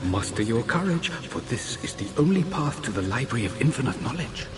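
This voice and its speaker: A man's voice: mid-range voice, sing-song, brisk, lightly acted. A man playing a theatrical aristocratic father. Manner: grand, theatrical. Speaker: father playing with his daughter. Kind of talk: game dialogue.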